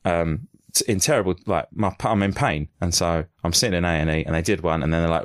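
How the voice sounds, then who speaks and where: A deep-voiced man rambles through a crude anecdote on a podcast call, jokey and loose. His voice is dry and close to the mic, with no room sound. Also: fast, few pauses, no echo. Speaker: podcast co-host. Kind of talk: casual storytelling chat.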